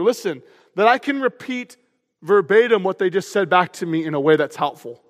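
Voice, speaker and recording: A man preaching a sermon as pastor, energetic and humorous in a conversational way. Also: high-pitched, normal speed. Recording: long hall reverb.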